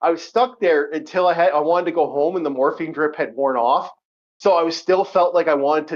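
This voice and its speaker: A man's voice: fairly high pitch, a little fast. A man hosting a podcast in casual chat, rambling and profane, laughing often. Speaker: podcast host. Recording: lo-fi muffled audio.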